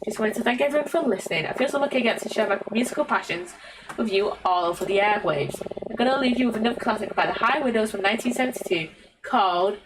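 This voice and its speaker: A woman's voice: mid-range voice, fast talker, very noisy, lightly acted. A British woman voicing a laid-back radio host in a video game, with an easygoing delivery. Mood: relaxed.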